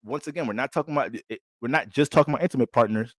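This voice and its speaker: A man's voice: medium pitch, rapid-fire, dry recording. A man giving an astrology forecast in a casual, blunt and profane way. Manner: blunt, streetwise and heavy on profanity. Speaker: astrologer giving a sign reading.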